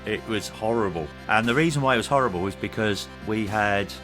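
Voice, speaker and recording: A man's voice: on the low side, fairly quick, a bit bright, faint music behind. A man speaking as a podcast guest in casual interview chat, telling anecdotes with little chuckles and frequent restarts.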